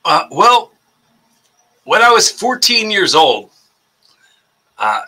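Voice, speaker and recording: Bright, lively man in his thirties. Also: sits high, measured pace, pauses often, rough recording. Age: 30s. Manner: rambling, laughing, self-mocking. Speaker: guest. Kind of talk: casual interview chat.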